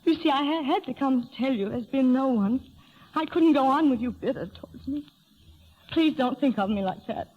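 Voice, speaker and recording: A doomed young heiress pleads in a breathless, high voice. It is 1930s radio drama acting. The sound is an old broadcast with a dull, muffled tone. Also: female voice, expressive, moderate pace. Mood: pleading. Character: young heiress facing early death, emotional.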